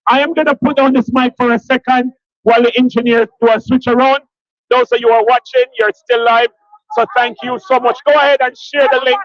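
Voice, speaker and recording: A man's voice: very high-pitched, steady tone, brisk, a bit bright, no room sound, highs cut off. A man with a Jamaican accent hosting a live stream from an outdoor street protest, rallying viewers and the crowd. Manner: rallying, repetitive, hypes the crowd. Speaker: livestream host at a protest.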